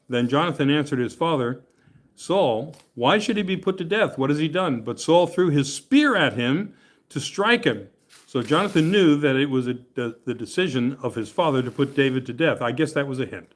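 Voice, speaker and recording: A man's voice: mid-range voice, lively intonation, moderate pace. A man leading a Bible study class, reading scripture aloud and explaining it in a chatty, joking way. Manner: chatty and joking, often laughing and checking in with "okay?".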